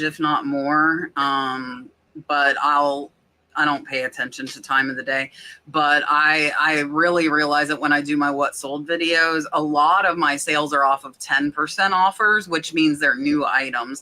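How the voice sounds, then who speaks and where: A woman's voice: sits low, sharp tone. A woman hosting a casual podcast chat, reading out viewer questions with lots of "um" and "like.". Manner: chatty, many fillers like "um" and "like".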